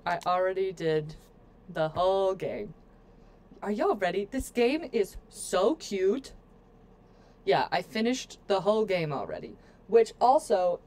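A woman's voice: medium pitch, darkish tone. Playful woman streamer chatting with viewers. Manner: playful, joking asides to chat; chatty, addresses viewers often. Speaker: game streamer. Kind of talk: casual let's-play commentary.

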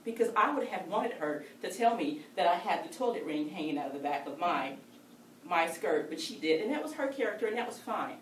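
A woman telling a personal story to a speaking club, animated and playful. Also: lowish voice, a little fast, slight background noise. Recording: echoey room, distant mic, faint ambience.

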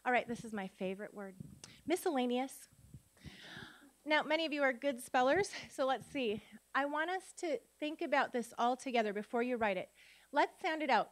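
A woman's voice: sits high, animated. Woman teacher sounding out spelling words. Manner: sounds words out slowly, asks the audience questions. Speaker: literacy teacher and conference speaker. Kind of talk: workshop talk with spelling dictation. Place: conference room before an audience.

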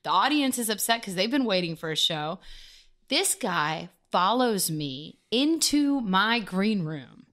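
A woman musician telling a story as a podcast guest, animated and full of swearing. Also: mid-range voice, measured pace. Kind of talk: casual storytelling interview.

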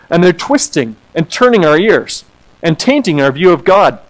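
A man, an associate pastor, preaching a sermon in an animated way, acting out quoted voices and repeating words as he goes. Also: high-pitched, moderate pace, rough recording.

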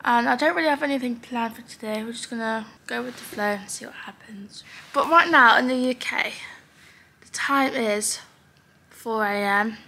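Teenage girl, vlogger, sleepy morning voice, high and bright, faint background hiss. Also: normal speed, creaky. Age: teens. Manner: sleepy, soft morning voice, often near a whisper. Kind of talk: casual vlog chat.

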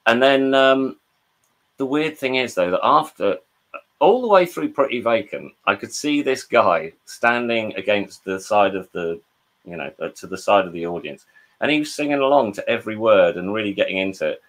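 A man's voice: on the low side, lively intonation, normal speed, fairly bright tone. An English man, a drummer, talking over a video call and telling rambling anecdotes with quoted voices and frequent restarts. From England. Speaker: guest, drummer. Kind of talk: casual storytelling interview.

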